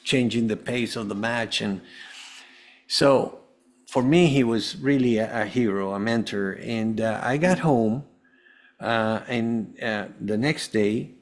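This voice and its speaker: A man's voice: mid-range voice, takes it slowly. A man, a holistic health coach, telling his personal story as a podcast guest in an earnest, rambling way with many restarts.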